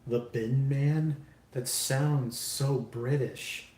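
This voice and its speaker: A man's voice: mid-range voice, steady tone, extremely slow, darkish tone. A man live streaming while building a model kit, chatting casually with viewers in a rambling, self-deprecating way and swearing freely. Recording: roomy echo, faint background noise.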